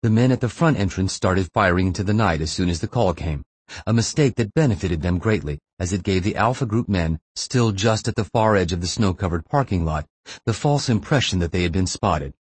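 A man reading a thriller audiobook in a steady, measured way. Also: sits low, slightly rough, dry recording. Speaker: audiobook narrator. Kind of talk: scripted thriller narration.

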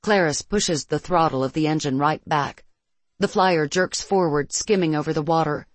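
A narrator reading a first-person science-fiction story in a steady, measured way. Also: medium pitch, no room sound.

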